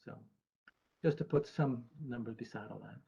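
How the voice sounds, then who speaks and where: A man's voice: medium pitch, normal speed, gravelly, dark tone, husky, muffled recording. An American man, an actuary, giving a presentation to investors in an earnest, emphatic way with dry asides. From United States.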